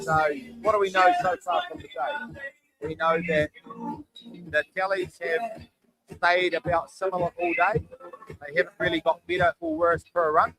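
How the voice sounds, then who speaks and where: Running tallies come from a worn-out middle-aged man doing chatty live commentary at a shearing event. His voice is high-pitched and fairly bright, the audio is poor, and music is clearly audible in the background.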